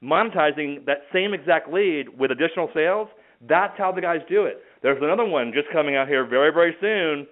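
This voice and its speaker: A man giving a driven, rapid business pitch on a conference call, teasing upcoming news. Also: expressive. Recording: tinny phone-line audio.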